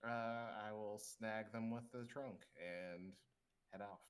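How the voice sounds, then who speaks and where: A man playing in a tabletop game, speaking in a relaxed, hesitant way. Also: on the low side, slow pace. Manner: laid-back, hesitant with "uh"s. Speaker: player. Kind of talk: casual tabletop play.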